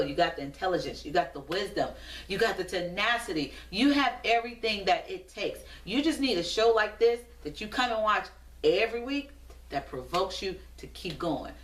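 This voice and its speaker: A woman's voice: mid-range voice, a bit bright. A woman hosting a motivational show, giving a preachy, rhythmic pep talk to the viewers. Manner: preachy, repetitive, rhythmic exhortation. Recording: roomy echo, distant from mic.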